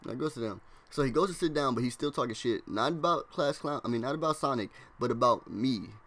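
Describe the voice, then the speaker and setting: A young man telling a storytime on his vlog, loose and slangy. He leans on "like" constantly and keeps breaking into quick impressions of his classmates. His voice sits at an ordinary middle pitch for a man. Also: fairly bright tone. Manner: rambling slangy storytelling, heavy use of "like". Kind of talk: casual storytime narration.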